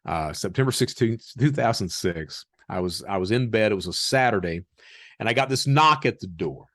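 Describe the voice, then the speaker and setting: A man telling stories as a podcast guest in a casual, animated way, chuckling as he acts out the dialogue. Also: fairly low pitch, moderate pace, no room sound, studio quality. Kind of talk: casual storytelling.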